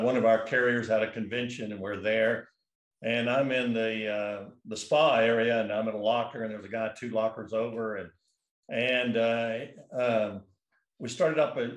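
A guest from California, a man with a medium-pitched voice, tells a long personal story in a casual, rambling manner full of restarts and fillers. The recording is reverberant.

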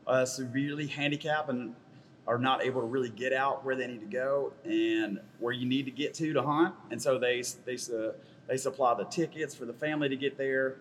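A man's voice: mid-range voice, steady tone, brisk, slight background noise. A man, chatting casually and joking as a podcast co-host. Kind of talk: casual chat.

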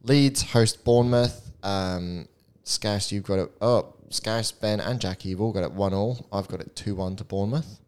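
Low-voiced man hosting a football podcast. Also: moderate pace, hardly any pauses, smooth. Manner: runs through predictions in a steady list, blunt and swearing. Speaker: podcast host. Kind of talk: casual football chat with friends.

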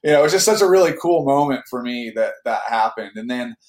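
A mid-pitched man from Northern California tells stories in a relaxed interview. He rambles, circles back, and leans on fillers as he goes. His voice rings a little in an echoey room. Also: fast. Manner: rambling storyteller, many fillers and restarts. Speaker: actor, interview guest. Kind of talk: casual storytelling interview.

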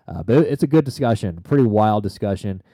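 A man co-hosting a podcast in casual chat, rambling and swearing freely with excited tangents. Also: on the low side, a little fast, dry recording, studio quality. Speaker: podcast co-host.

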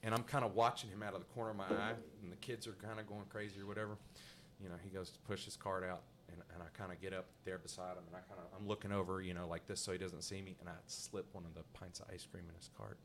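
A man's voice: low-pitched, fast talker, a little hiss or hum. A male podcast host telling a story in casual chat, laughing often and acting out the voices of the people in it. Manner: animated, laughing, acts out voices in his anecdotes.

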